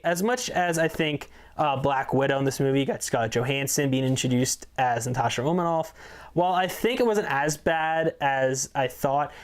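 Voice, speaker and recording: A man gives his take on a film in a casual chat with a co-host. His voice is smooth and resonant at an ordinary middle pitch. He talks quickly and stops to hesitate now and then. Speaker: co-host movie reviewer.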